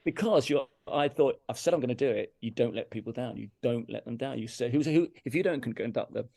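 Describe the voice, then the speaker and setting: Earnest English man, gravelly and dry. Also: mid-range voice, a little fast, mellow, dry recording. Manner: earnest, emphatic, repeats himself, self-critical. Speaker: interview guest, brass teacher. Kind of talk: candid conversational storytelling. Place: farmhouse room.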